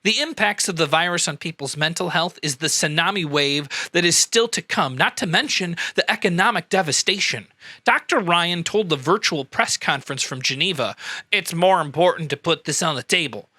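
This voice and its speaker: A man hosting a satirical news show, delivering a sarcastic, mock-outraged monologue with sudden jumps up in pitch. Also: moderate pace, bright, forceful tone, no room sound. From US Midwest.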